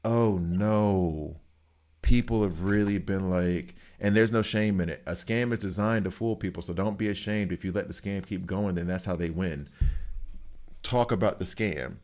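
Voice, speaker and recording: A man streaming a game, chatting casually and telling stories in an animated, emphatic way. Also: deep voice, normal speed. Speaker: gaming streamer.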